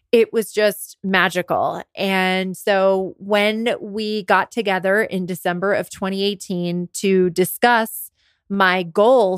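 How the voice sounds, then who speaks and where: A woman's voice: mid-range voice, smooth, dry recording, studio quality. A woman around forty, hosting her podcast, tells a candid personal story. She says she is worn out and under the weather, and her talk gets emotional and full of restarts. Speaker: podcast host and business coach.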